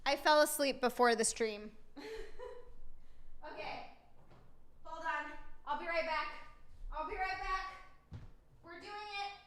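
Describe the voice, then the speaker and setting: A woman live streamer chatting casually with her viewers, excitable and giggly, and thanking them by name. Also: sits high, slow pace, long pauses.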